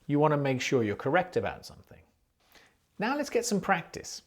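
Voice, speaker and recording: English teacher with a very animated pitch, explaining grammar clearly and patiently for learners. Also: fairly quick. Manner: clear, patient explaining, with example questions spoken aloud.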